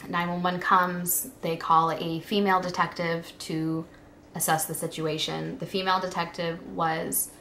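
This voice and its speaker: A young woman vlogger telling a personal story in a halting, emotional way, with many fillers. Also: lowish voice, sharp tone, a little hiss or hum.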